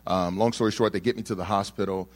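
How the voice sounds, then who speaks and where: A deep-voiced young man talks fast while telling an audience a story about himself. He animatedly voices the people in it and keeps joking with the crowd.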